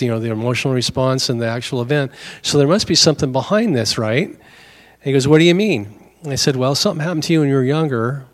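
Middle-aged guy pastor, chatty sermon, does both voices in his story, normal pitch. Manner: acts out both sides of quoted dialogue.

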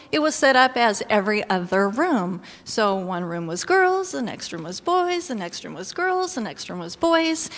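Woman preacher, lively storytelling, somewhat high voice, reverberant church hall. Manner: animated storytelling, exclaiming and laughing. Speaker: pastor's wife or preacher. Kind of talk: sermon with personal story.

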